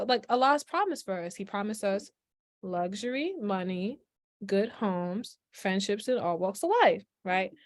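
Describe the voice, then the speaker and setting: A woman's voice: medium pitch, no echo. A woman from Brooklyn, chatting animatedly as a guest on a video call, full of "like" and "yo". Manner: animated, lots of "like" and "yo", laughs often. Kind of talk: casual chat on a video call.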